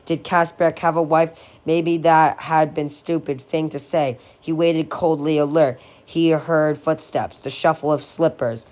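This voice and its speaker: A woman reading a horror novel aloud in a measured, steady way. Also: low-pitched. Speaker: audiobook reader.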